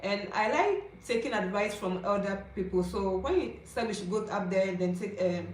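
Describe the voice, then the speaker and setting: A woman's voice: medium pitch, normal speed, slight background noise. A young woman in her twenties with a Ghanaian English accent, telling her personal story to camera in a confiding, chatty way and checking in with her viewers. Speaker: vlogger. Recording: roomy echo, faint ambience.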